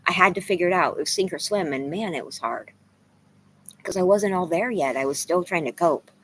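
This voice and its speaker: A woman's voice: lowish voice, animated, fairly quick, fairly bright tone, slight background noise, poor audio. Tearful, rambling woman in her forties. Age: 40s. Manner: tearful, rambling, candid, swears. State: crying. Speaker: vlogger. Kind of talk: emotional casual vlog talk, reading chat.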